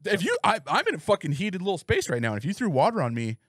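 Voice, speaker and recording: A man co-hosting a podcast, telling a story in a casual, profane, animated way. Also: high voice, fast, dry recording, clean studio sound. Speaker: podcast co-host. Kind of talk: casual chat.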